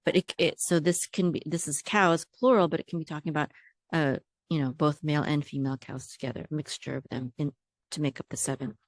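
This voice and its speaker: A Hebrew teacher with a deep, steady voice leads a word-by-word reading lesson at a fairly quick pace. She spells words out syllable by syllable and patiently repeats each sound, captured in a dry, studio-quality recording.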